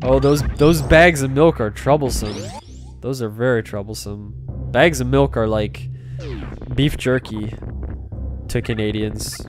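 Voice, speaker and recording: A man chatting through a relaxed game livestream, rambling and joking as he spins tall tales and answers viewers. His voice sits at an ordinary middle pitch. Retro game music plays clearly behind him. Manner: rambling, joking, tells tall tales, reads chat aloud. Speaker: streamer. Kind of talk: casual livestream chat while playing.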